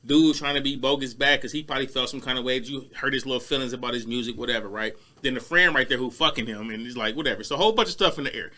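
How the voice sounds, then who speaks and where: A man co-hosting a podcast, chatting casually and telling a story in animated slang. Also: medium pitch, very fast, few pauses. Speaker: podcast co-host. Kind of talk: casual chat.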